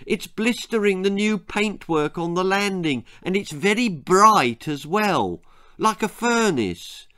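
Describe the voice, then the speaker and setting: A man voicing a fussy middle-aged housewife who speaks in a slow, prim way. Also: sits high, expressive, sharp tone, clean tone, voice pushed up, full character voice. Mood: fussing.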